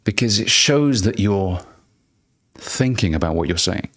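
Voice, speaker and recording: Deliberate, emphatic male speaking coach. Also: on the low side, expressive, fairly bright tone. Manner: deliberate, emphatic, slows down to stress key words; blunt, casual, occasional swearing. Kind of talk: direct-to-camera coaching lesson.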